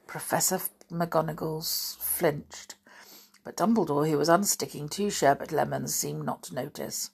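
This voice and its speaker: A woman narrating a storybook aloud in a soft, breathy manner that often drops to a whisper. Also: deep voice, unhurried. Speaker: storybook reader. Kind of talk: slow audiobook narration.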